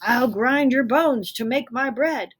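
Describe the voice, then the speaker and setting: A woman voicing a big, clumsy male giant who is menacing but muddled, declaiming in a booming way. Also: lively intonation, moderate pace, a bit bright.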